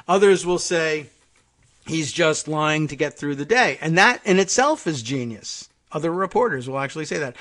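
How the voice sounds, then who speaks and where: A middle-aged man hosts a political talk podcast, his voice sitting a bit high for a man. He talks loosely and off the cuff, with sarcastic asides and exasperated sighs of disbelief. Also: a bit bright. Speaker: host.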